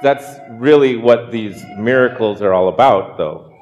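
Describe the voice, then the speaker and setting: A man's voice: fairly low pitch, unhurried, darkish tone, big-room sound, dull audio, faint music behind. A man preaching a sermon, earnest, often repeating words as he builds a point. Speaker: pastor.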